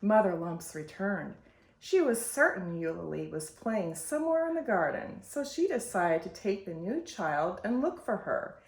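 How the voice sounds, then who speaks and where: A woman hosting storytime, reading a picture book aloud in a slow, expressive way. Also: mid-range voice. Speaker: storytime host. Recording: roomy echo.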